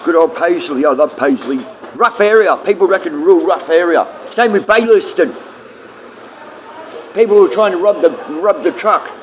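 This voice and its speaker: Rambling, high-pitched man on a livestream. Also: normal speed, a little hiss or hum. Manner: rambling, swearing, casual and blunt. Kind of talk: rambling livestream chat, answering viewers.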